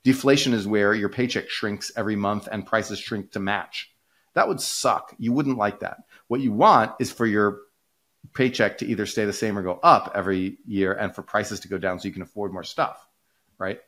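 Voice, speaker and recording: Podcast co-host, male, lowish pitch, chatty, rambling explainer. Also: normal speed. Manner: rambling, restarts, many fillers, animated pitch jumps. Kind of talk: casual conversational explainer.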